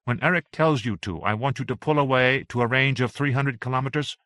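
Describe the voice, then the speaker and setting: A man voicing a resolute female starship captain who gives steady, quiet orders. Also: medium pitch, brisk, dry recording, studio quality, pitched above the performer's own voice, lightly acted. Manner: steady, firm, quietly commanding.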